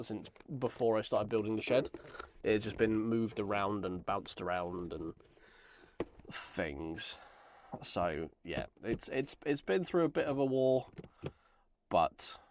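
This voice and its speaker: A man with a cold, talking in a croaky, gravelly voice as he chats casually and rambles through a live stream. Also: lowish voice, a little hiss or hum. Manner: rambling, self-deprecating. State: hoarse from a chest infection. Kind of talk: casual live-stream chat while building.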